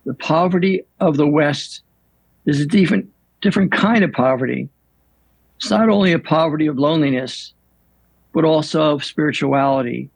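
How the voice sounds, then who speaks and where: Older male priest, gravelly and husky, unhurried reflective storyteller in a dry studio. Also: on the high side, no room sound, low-quality recording. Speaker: priest guest. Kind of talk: storytelling in an interview.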